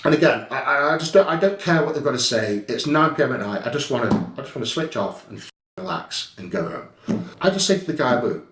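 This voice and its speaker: A man's voice: mid-range voice, expressive, fast talker, a bit bright, roomy sound. A man telling a story over security footage in a blunt, heated way, swearing freely. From England. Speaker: guest recounting an incident.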